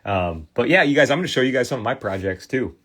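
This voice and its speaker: A man's voice: mid-range voice, lively intonation, fast talker, fairly bright tone. A man in his forties from Michigan with a Midwestern accent, chatting casually with viewers as a livestream host, full of fillers and restarts. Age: 40s. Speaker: livestream host restoring trading cards.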